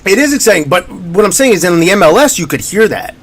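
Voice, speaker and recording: A high-pitched, fast-talking man co-hosts a podcast, chatting casually about sports. He tells stories in an animated way, acting out the quotes along the way.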